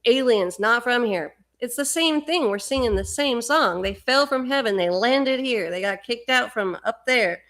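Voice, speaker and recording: A woman's voice: on the high side, animated, normal speed, hardly any pauses, fairly bright tone. A middle-aged woman hosting a livestream, talking fervently in a rambling spiritual monologue and often repeating words. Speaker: livestream host.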